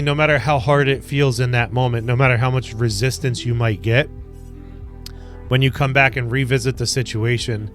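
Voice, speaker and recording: Male wellness coach, mid-pitched, earnest and rambling, slow deliberate delivery with filler words, faint music underneath. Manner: earnest, rambling, many ums and you-knows. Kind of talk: self-help talk to camera.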